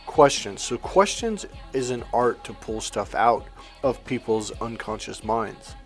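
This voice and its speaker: Male life coach, animated storyteller, average pitch, soft music bed underneath. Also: a little slow. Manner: animated storyteller, acts out both sides of dialogue. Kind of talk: coaching monologue with anecdote.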